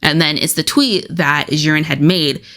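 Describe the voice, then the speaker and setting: A woman with a low-pitched voice hosts a casual commentary video. She talks in a chatty, conversational way and often drifts into offhand asides. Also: fairly even intonation, normal speed, fairly bright tone. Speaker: online commentary creator.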